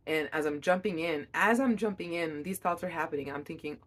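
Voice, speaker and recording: A young woman, a mother, telling a personal story in an emotional, halting way with many restarts. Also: lowish voice. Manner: emotional, reliving events.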